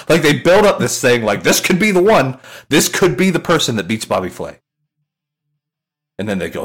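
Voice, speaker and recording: A man's voice: on the low side, brisk, breathy edge. A man in casual podcast banter, telling a story with lots of swearing and voiced impressions of other people. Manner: animated storyteller, swears, mimics people with laughter.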